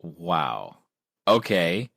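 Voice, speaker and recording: A man with a lowish voice hosts a podcast, jumping in with eager interjections and a quick laugh before his questions. His voice is close and dry, with no room sound at all. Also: sing-song, vocal fry, fairly bright tone, no room sound. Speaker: podcast host.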